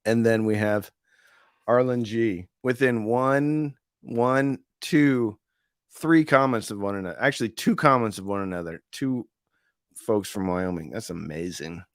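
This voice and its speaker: Low-voiced chatty middle-aged man. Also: measured pace, dry recording, clean studio sound. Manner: rambling, chatty, reads viewer comments aloud. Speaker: livestream host reviewing audio deals. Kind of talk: casual live-stream chat.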